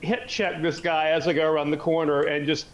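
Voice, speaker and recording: A man playing in a tabletop game, calling out his rolls and moves in a relaxed, matter-of-fact way. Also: fairly high pitch, brisk, dull audio. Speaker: player. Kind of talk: casual tabletop play.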